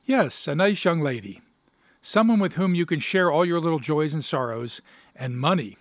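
Male reader doing a hearty married chum, slightly high, dry close voice, jovial. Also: lively intonation, normal speed, no room sound, lightly acted. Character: cheery married man, breezy confident pal.

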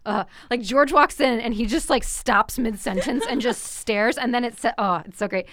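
A woman co-hosting a casual book chat podcast, retelling scenes with lively animation. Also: fairly high pitch, moderate pace, no room sound, clean studio sound. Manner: animated storytelling, acts out quotes. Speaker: podcast co-host.

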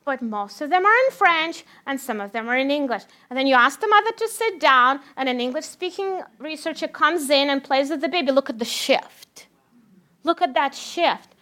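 A woman researcher with a Russian accent giving a lively lecture, addressing the audience as "my friends". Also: high-pitched, a little fast, hardly any pauses.

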